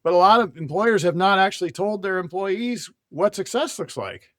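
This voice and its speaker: A man's voice: sits high, expressive, normal speed, a bit bright, dry recording, clean studio sound. A man hosting a business podcast, talking casually in long run-on sentences and joking with his guest. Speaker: podcast host.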